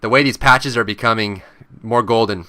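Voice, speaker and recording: A man's voice: normal speed, no echo. A man in casual gaming chat, talking about patch changes and acting out panicked players now and then. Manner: animated, acts out panicked players in high voices.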